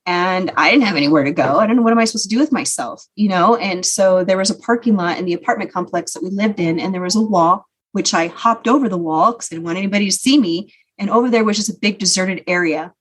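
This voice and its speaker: A woman's voice: mid-range voice, quick pace, few pauses. Earnest female podcast guest, reflective personal storytelling, mid-range voice. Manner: earnest, reflective, with frequent "you know".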